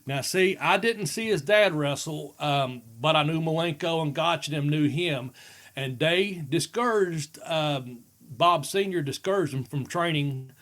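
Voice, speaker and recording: Laughing storytelling man, higher voice. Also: unhurried, fairly bright tone. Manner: laughs often, acts out voices in stories. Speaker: podcast co-host, former wrestler. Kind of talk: casual chat, storytelling.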